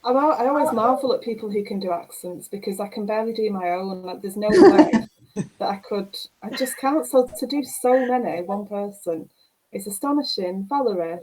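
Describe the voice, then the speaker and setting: A woman's voice: medium pitch, animated, fairly quick, a little mellow, rough recording. Woman host with a Manchester accent. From Manchester, England. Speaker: panel host. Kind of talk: hosting a panel discussion.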